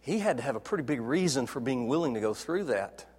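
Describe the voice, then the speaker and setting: A man preaching a sermon in a dramatic way, dropping to soft, low tones as he retells scenes. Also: expressive, quick pace, breathy edge, big-room sound. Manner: dramatic, acts out quoted dialogue, drops to soft low tones.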